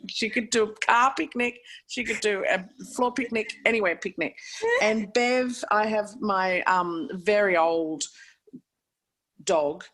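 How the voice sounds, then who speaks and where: An Australian woman in casual podcast chat, a lively storyteller who swears freely and laughs often. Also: mid-range voice, a little slow.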